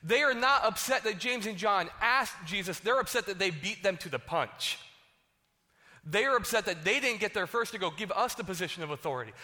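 A man's voice: high-pitched, lively intonation, normal speed, bright, forceful tone. A male pastor preaching a casual, conversational sermon, often tossing in "like" and "right?". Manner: conversational, heavy use of "like" and "right?". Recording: long hall reverb.

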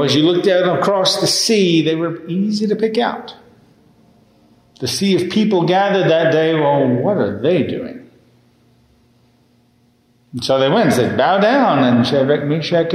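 A man preaching a sermon as minister, retelling a scripture story with animated emphasis. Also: on the high side, roomy sound, poor audio. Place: church sanctuary.

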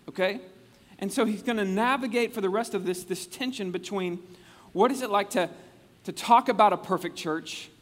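A man preaching a casual, conversational sermon, animated and chatty, often restarting his sentences. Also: sits high. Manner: animated, chatty, acts out quotes with frequent restarts. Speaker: pastor. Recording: long reverb of a large hall.

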